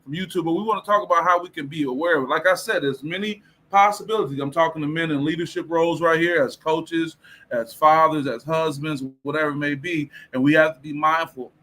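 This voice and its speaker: Man from Detroit, motivational livestream host, bright and forceful, a touch high, animated casual delivery. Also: brisk. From Detroit, USA. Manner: animated, preacher-like, reads viewer comments aloud.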